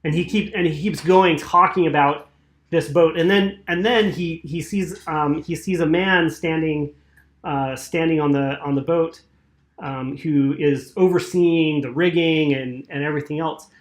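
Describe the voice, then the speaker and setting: A man's voice: fairly high pitch, steady tone, measured pace. A man narrating as game master for a tabletop game, hesitant with many fillers. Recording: roomy echo.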